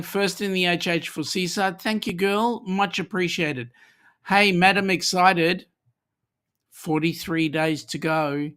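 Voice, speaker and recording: Chatty Australian man, slow easy pace. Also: sits high, pushed and bright. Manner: chatty, jokey, reads comments aloud. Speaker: host of a live chat stream. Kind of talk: casual live-stream chat.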